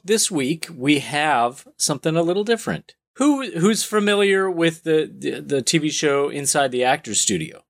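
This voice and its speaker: A man's voice: a little high, normal speed, gravelly, few pauses. A man hosting a comic book podcast, leading the chat with jokes and questions. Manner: animated, joking, asks questions. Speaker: podcast host. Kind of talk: casual chat.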